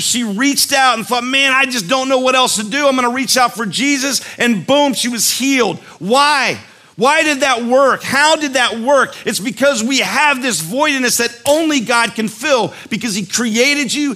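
Bright, high-voiced male pastor preaching. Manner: conversational, storytelling with acted-out quotes; earnest, emphatic. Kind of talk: sermon.

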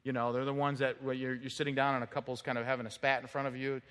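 A man preaching a sermon as pastor, animated, acting out quoted voices and repeating words as he builds up. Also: medium pitch, quick pace, clear, resonant tone. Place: church sanctuary. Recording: long reverb of a church hall.

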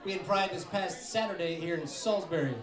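A man's voice: sits high, brisk. A man doing a live stand-up set, crude and sarcastic. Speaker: stand-up comedian. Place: small comedy venue. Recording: echoey club with live crowd.

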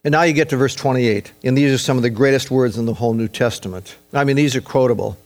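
A man preaching a sermon as pastor, stressing phrases slowly and acting out quoted speech. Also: mid-range voice, soft background music.

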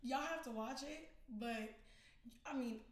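A woman's voice: high voice, slow pace, roomy sound. A woman co-hosting a casual gossip chat, telling stories with acted-out quotes and plenty of swearing. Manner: animated storyteller, acts out quotes, swears freely. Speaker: podcast co-host.

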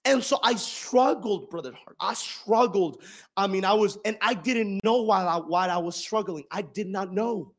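A young man preaching a sermon and telling his own story, moving from quiet reflection to shouted emphasis. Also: high voice. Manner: testimony-style preaching, swinging from soft reflection to shouted emphasis.

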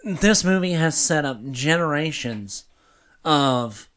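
A man's voice: on the high side, expressive, slow, fairly bright tone, smooth. A man co-hosting a casual chat, easygoing and agreeable, often chiming in with short affirmations. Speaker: podcast co-host.

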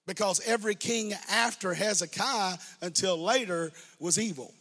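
A man's voice: sits high, moderate pace, sharp tone. A man preaching a sermon to a congregation, building fervor and speaking straight to the listeners. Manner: preaching with rising fervor, call-and-response asides. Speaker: pastor. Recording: reverberant hall.

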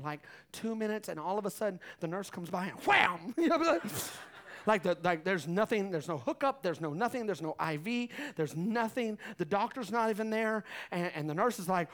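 A middle-aged man preaching a sermon, telling stories in an animated way with laughs and acted-out voices. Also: sits high, moderate pace. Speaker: pastor.

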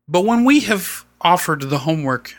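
A man's voice: high voice, lively intonation, normal speed. A man co-hosting a casual podcast chat, joking, punning and laughing often.

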